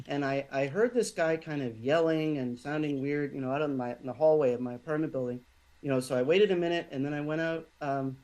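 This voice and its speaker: A man in a casual podcast conversation, telling a personal story in a halting way, with many restarts and fillers. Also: medium pitch, a little mellow, low-quality recording. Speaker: podcast guest.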